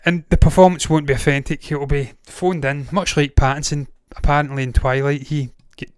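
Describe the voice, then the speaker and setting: A man's voice: a little high, fairly even intonation, a little fast, darkish tone, clean tone, dry recording, clean studio sound. A Glaswegian-accented Scottish man hosting a movie news show, ranting casually with blunt swearing and frequent digressions. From Scotland. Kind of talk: casual opinionated commentary.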